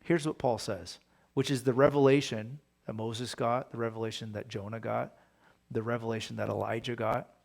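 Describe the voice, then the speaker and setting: A man's voice: medium pitch, little pitch movement, normal speed, creaky. A man, a pastor, teaching a Bible study in a casual, conversational way, often asking his listeners rhetorical questions.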